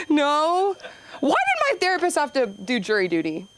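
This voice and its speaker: A woman's voice: high-pitched, huge pitch swings, fast talker. Self-deprecating stand-up comedian woman. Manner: self-deprecating, rambling asides. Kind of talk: stand-up set.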